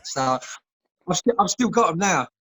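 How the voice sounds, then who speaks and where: A man's voice: high voice, very animated, moderate pace, fairly bright tone, a little hiss or hum, poor audio. A man, a former footballer telling stories in casual chat, laughing often, over a video call. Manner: chatty storyteller, laughs often.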